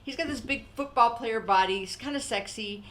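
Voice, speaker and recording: A woman's voice: on the high side, normal speed. An older woman hosting a podcast, chatting casually and acting out what people said, with frequent laughter. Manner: animated storyteller, acts out quotes, laughs often. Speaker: podcast host. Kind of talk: casual chat.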